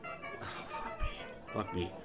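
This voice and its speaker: A man's voice: takes it slowly, a bit bright, faint music behind. A man hosting a show, furiously ranting and swearing, repeating himself as he vents. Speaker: host. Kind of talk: profane angry rant.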